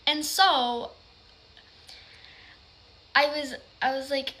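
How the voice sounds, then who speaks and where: A woman with a bright, sharp, fairly high voice tells a personal storytime in a loose, casual way. She rambles, leaning on "like" again and again, and sometimes drops to a hushed whisper. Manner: rambling, heavy use of "like".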